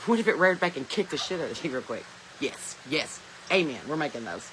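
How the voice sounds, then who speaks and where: With a deep, expressive, fairly bright voice, she talks briskly while hosting a relaxed live stream from her smartphone. The Southern US podcast host rambles, laughs frequently, and reads comments from viewers aloud. Some hiss or hum marks the rough recording.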